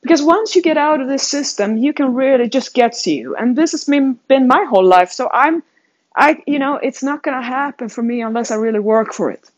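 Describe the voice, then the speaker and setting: A woman's voice: sits high, animated, brisk. A fitness coach from Sweden talks through her thoughts in a casual, rambling monologue, mocking herself and restarting her sentences often. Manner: rambling and self-mocking, many restarts and laughs. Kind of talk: casual self-reflective monologue. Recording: dull lo-fi sound.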